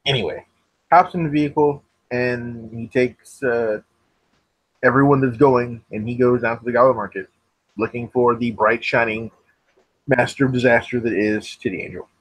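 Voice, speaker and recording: A man's voice: mid-range voice, steady tone, normal speed, a bit bright, slightly rough, no room sound, poor audio. A man playing a tabletop role-playing game, speaking tersely and dryly with some hesitations. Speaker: player in a tabletop role-play. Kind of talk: casual in-character role-play chat.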